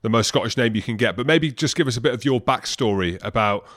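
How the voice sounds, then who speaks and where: A man's voice: medium pitch, fast, fairly bright tone, no echo, clean studio sound. A man co-hosting a rugby podcast, chatty and teasing in casual banter. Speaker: podcast co-host.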